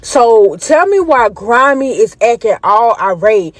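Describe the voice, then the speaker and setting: A woman's voice: on the high side, animated, slow, dry recording. A woman telling a story time, animatedly retelling events and acting out the voices of the people in it.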